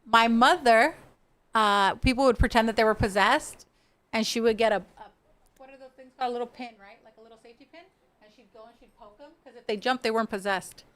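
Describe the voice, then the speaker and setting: Bright-voiced frank woman podcast guest. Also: a little high, fast, long pauses. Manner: frank, animated storyteller who laughs easily. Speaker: podcast guest, santera practitioner. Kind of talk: casual podcast chat.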